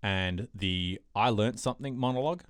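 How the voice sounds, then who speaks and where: A man's voice: fairly low pitch, normal speed, no echo, clean studio sound. A man co-hosting a podcast in a casual chat, rambling with lots of fillers as he retells TV scenes. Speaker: podcast co-host.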